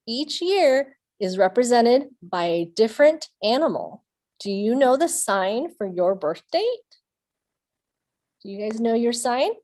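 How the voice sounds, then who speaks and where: A woman's voice: fairly high pitch, big pitch swings, measured pace, a little mellow. A woman leading a children's storytime, reading aloud and playfully making animal sounds with the kids. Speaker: children's librarian.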